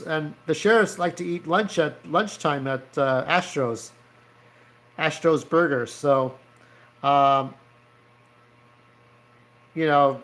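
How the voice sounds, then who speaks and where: A man's voice: fairly high pitch, fairly bright tone. A man casually narrating his own comic strip, rambling and profane, with lots of fillers. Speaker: comic creator. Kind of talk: casual storytelling over his drawings.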